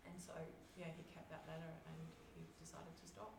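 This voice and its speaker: A woman's voice: low voice, level tone, fairly quick, gravelly. Distant woman telling a story. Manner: chatty, warm storytelling with many fillers and restarts. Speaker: guest speaker. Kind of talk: live Q&A storytelling. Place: live event hall with audience. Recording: echoey room heard from a distance, noisy.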